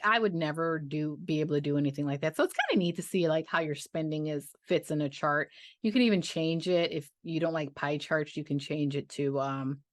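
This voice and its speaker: A woman's voice: low-pitched, no room sound, clean studio sound. A woman vlogging about her budget in a chatty, gushing way, trailing off and restarting as she talks to her viewers. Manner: chatty and gushing, trailing off, with playful sung interjections. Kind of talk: casual chat to camera.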